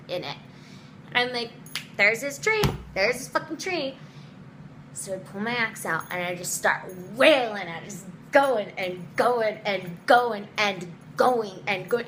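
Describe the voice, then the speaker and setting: A young woman telling a personal story in a casual storytime vlog, animated, with lots of swearing and acted-out quotes. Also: a little hiss or hum, rough recording. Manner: animated, swearing, quotes people in voices, dramatic pitch jumps.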